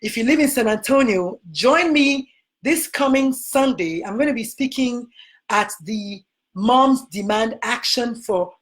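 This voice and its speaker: A woman with a Nigerian accent, a physician hosting a motivational talk, who speaks emphatically and repeats her key phrases. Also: fairly high pitch. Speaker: physician host.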